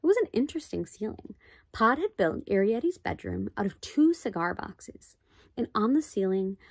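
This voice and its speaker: Expressive woman reading a storybook. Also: mid-range voice, gravelly, dry recording.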